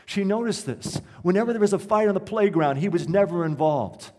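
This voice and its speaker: A man's voice: high voice, expressive, a little fast, darkish tone. Man preaching in an echoey church. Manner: storytelling, rising to rhetorical questions. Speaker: pastor. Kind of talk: sermon.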